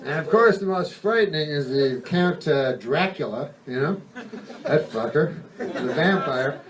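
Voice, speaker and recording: A man's voice: a little high, animated, a little slow, slight background noise. A male stand-up comedian doing a rambling, profane routine that keeps interrupting itself. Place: comedy stage before a live audience. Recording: distant mic with audience laughter.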